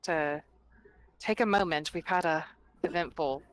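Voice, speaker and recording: Low-voiced woman player. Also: unhurried. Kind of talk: in-character tabletop play.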